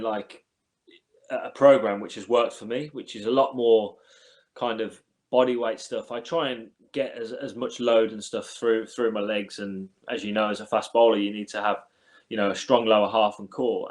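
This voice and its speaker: A man in his thirties from England talks casually in an interview, with a somewhat low voice. He is relaxed and hesitant, full of fillers and restarts, and calls the host mate. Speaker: cricketer guest.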